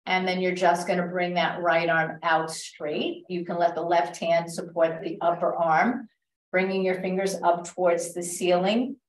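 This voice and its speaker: A woman leads a stretch class, talking people through each move with calm, step-by-step cues and gentle reminders not to force anything. Her voice sits fairly low. The sound is roomy and echoey, and she is heard from some distance away from the mic. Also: unhurried. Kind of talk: guiding an exercise class. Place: library class room.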